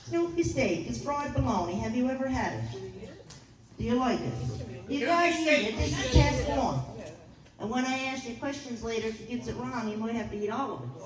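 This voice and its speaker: Middle-aged Newfoundland woman hosting a lively ceremony, high-ish, heard from afar in a roomy hall. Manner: folksy, joking, loud to a crowd. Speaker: ceremony host. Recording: roomy hall from a distance with crowd.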